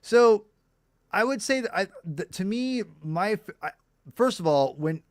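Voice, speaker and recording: A man's voice: high-pitched, animated, measured pace, dry recording, clean studio sound. A man in his thirties, co-hosting a casual podcast chat, rambling with frequent restarts. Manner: rambling, lots of restarts and fillers. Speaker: podcast co-host.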